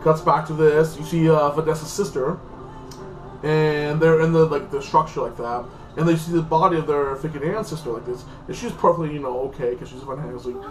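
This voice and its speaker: A man with a higher-pitched, steady voice speaks briskly as a TV show reviewer, giving a casual, rambling episode recap full of filler like "like this" and "freaking." The recording has an echoey room, a distant mic, and faint music.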